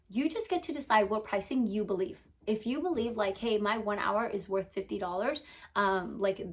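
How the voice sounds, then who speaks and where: Woman, young adult, business coach, motivational talk, energetic, emphatic, casual fillers, middle pitch. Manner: energetic, emphatic, frequent "like" and "okay?" check-ins. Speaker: business strategist and mindset coach.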